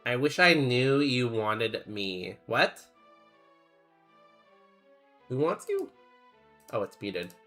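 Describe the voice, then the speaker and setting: A man's voice: mid-range voice, sing-song, extremely slow, long pauses, bright, forceful tone, soft background music. A young man streaming a game, chatting casually and rambling as he reads chat aloud in a laid-back way.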